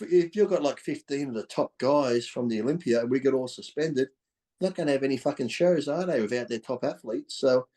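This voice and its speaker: A middle-aged man with an Australian accent tells candid stories on a podcast. He is blunt and fired-up, swears freely, and laughs between his points. His voice has a mellow, warm color at a middle pitch. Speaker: podcast guest, former pro bodybuilder. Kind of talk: candid storytelling in conversation.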